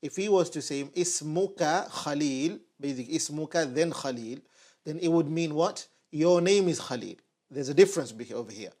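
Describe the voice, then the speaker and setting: A man teaching a language lesson at a board, patiently repeating short phrases slowly so learners can follow. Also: fairly high pitch, expressive, a little mellow. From United Kingdom. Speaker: Arabic teacher. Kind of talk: online lesson at a whiteboard.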